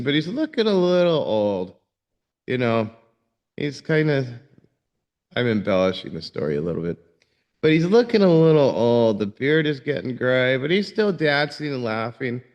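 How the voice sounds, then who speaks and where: A male yoga teacher tells a parable in a casual, halting way, often stumbling and repeating his words. His voice sits at an ordinary middle pitch. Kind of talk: casual storytelling talk.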